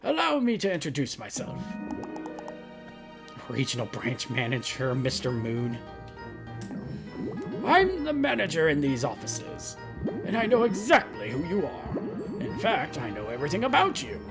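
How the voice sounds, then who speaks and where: A woman's voice: sits low, huge pitch swings, measured pace, long pauses, over music, exaggerated voice. A woman voicing a smug middle-aged male office manager in a game, speaking in a knowing, condescending way.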